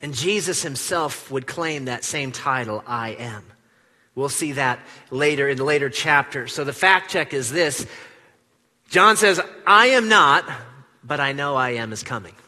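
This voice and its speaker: A man preaching a sermon in a church, animated, acting out the quoted lines with big swings from loud to hushed. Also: medium pitch, normal speed, in a large hall. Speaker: pastor. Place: church sanctuary.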